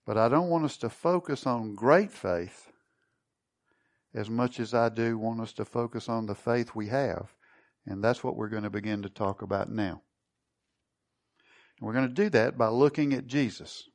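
A man's voice: lowish voice, moderate pace. A man preaching a sermon, teaching and putting questions to his congregation. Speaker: pastor.

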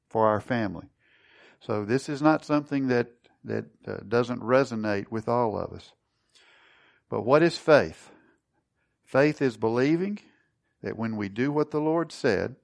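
A man's voice: medium pitch, gravelly. A man preaching a sermon, teaching and putting questions to his congregation. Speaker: pastor.

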